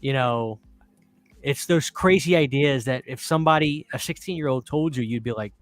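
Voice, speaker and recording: A man hosting a casual podcast chat, telling animated stories, laughing often and swearing casually. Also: medium pitch, moderate pace. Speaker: podcast host.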